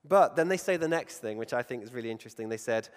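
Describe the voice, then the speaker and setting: A man preaching a sermon in a conversational way, often asking his listeners questions and dropping to a hush to stress key points. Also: mid-range voice, expressive, fast talker. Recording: long reverb of a large hall.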